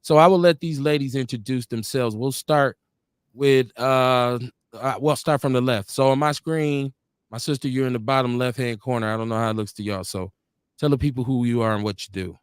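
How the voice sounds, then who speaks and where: A man hosts a live-streamed show in a laid-back, easygoing manner, often repeating his words. His voice is at an average pitch and sounds dry and close, with no room echo. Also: a little fast, smooth. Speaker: podcast host. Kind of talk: casual live-stream hosting. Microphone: video call.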